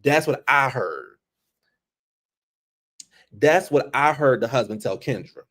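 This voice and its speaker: A man giving a casual, profane recap of a show on camera, animated and repetitive. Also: medium pitch, slow. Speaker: show reviewer.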